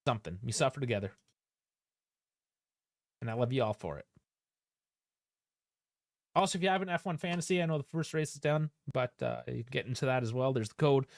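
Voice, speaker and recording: A man's voice: mid-range voice, expressive, brisk, gravelly, long pauses, no echo, studio quality. A man hosting a live football stream, talking in a casual, frustrated and sarcastic way, with plenty of swearing. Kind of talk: casual live-stream post-match rant.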